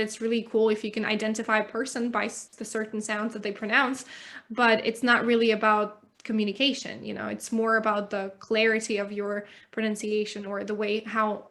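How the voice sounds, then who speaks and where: A woman's voice: on the high side, sharp tone. A woman, an English teacher, chatting candidly as a podcast guest and laughing easily. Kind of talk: casual conversation.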